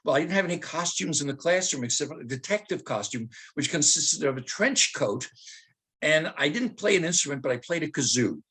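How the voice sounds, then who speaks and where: Higher-voiced older man telling stories. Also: animated, bright, forceful tone, breathy edge. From Germany. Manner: humorous, anecdotal, slows to dramatic recitation. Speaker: speaker, retired teacher. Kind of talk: personal storytelling talk with dramatic readings.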